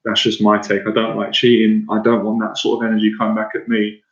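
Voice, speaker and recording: A rambling, excitable Irish man in his thirties talks to his livestream viewers as their confidence coach, full of fillers and restarts. His voice sits fairly low. The sound is dull and lo-fi, in an echoey room. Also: fast talker. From Ireland. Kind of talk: casual livestream talk to viewers.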